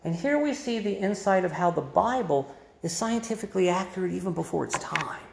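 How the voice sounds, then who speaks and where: A man's voice: high voice, animated, brisk, gravelly, noisy background. A man preaching a sermon, explaining scripture in a conversational way and adding emphasis with quoted voices. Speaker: pastor. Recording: roomy echo.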